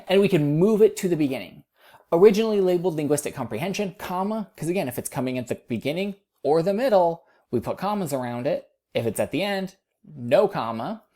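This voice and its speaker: A woman's voice: sits low, dark tone. A woman teaching writing in a recorded lecture, explaining casually and correcting her own slips as she goes. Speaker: writing instructor. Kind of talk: recorded lecture over slides.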